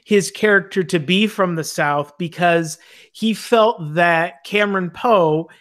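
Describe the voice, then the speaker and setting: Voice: mid-range voice, slow, fairly bright tone. A podcast co-host chatting casually in a movie review, rambling with many restarts.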